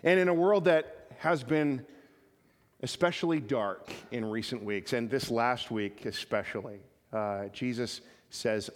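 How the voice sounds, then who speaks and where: A man's voice: mid-range voice, unhurried. A male pastor preaching a sermon in a conversational style with joking asides. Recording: reverberant church hall.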